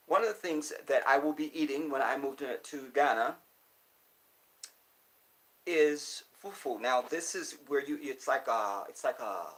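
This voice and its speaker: A commentator speaks animatedly in a casual monologue, repeating his points to hammer them home. His pitch is an ordinary middle, and his pace shifts between slow emphasis and quick asides, all on a low-quality recording.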